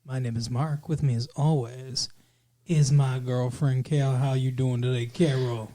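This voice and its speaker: A man's voice: mid-range voice, flat delivery, measured pace, warm tone. A man co-hosting a casual show with his girlfriend, chatty and joking. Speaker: podcast co-host. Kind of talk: casual chat.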